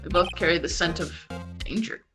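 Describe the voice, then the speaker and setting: A woman's voice: lowish voice, a little fast, over music, close to an everyday voice. Woman reading as a pompous eager bellboy. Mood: theatrical. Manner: theatrical, eager, formal with "sir". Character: pompous, excitable young hotel bellboy man.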